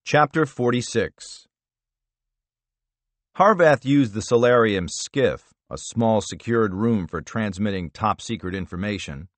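A man narrating a thriller audiobook in a measured, expressive storytelling manner. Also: lowish voice, dry recording.

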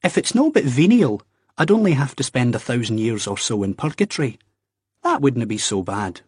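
A man's voice: medium pitch, very animated, a little mellow, slightly rough, no echo, studio quality, voice pushed up. A man doing a nervous young Scotsman. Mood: earnest reasoning. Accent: Scottish. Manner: hesitant, halting, drawn-out reasoning. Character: anxious young Scottish man, earnest, fumbling.

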